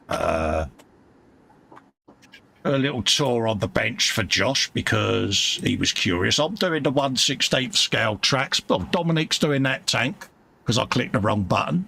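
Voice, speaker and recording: Gravelly Cockney man chatting. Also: mid-range voice, animated, unhurried, bright, forceful tone. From England. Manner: chatty, matey, reads viewer comments aloud. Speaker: host of a live model-building stream. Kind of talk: casual chat. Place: home hobby workbench.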